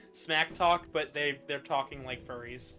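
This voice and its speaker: A young man chatting casually while playing a video game, animated and swearing now and then. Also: a little high, slow pace, faint music behind. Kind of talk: casual chat while gaming.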